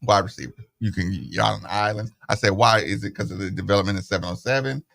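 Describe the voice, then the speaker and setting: A middle-aged man hosting a sports radio show, telling stories in a casual, animated way and acting out the voices of the people he quotes, into a studio microphone. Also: lowish voice, fast talker, vocal fry.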